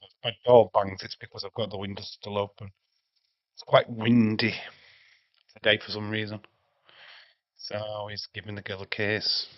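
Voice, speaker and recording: A man's voice: on the low side, flat delivery, moderate pace, long pauses, dry recording. Casting note: English male streamer, casual banter, dry lo-fi home mic. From England. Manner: chatty, reads out chat, swears freely. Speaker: livestream host. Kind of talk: casual watch-along chat.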